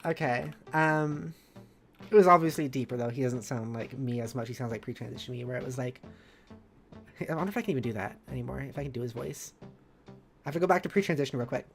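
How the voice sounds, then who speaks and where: A woman streamer rambles casually through a live stream, full of fillers and bubbly asides. Her voice sits unusually low for a woman, and soft music plays faintly behind her. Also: quick pace.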